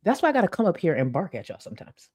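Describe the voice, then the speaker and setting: A woman's voice: on the low side, racing, slightly rough. A woman giving casual commentary on a stream, talking bluntly with lots of swearing, recorded on a desk mic at home. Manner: blunt, profane, excitable. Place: home room with ring light. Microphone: desk mic with webcam.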